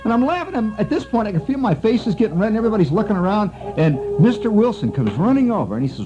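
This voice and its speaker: In a high, very animated voice, a middle-aged man hosting a radio show rattles off a long, meandering storytelling monologue packed with asides, talking quickly with hardly any pauses. The sound is that of a muffled old radio broadcast, faint music audible behind him.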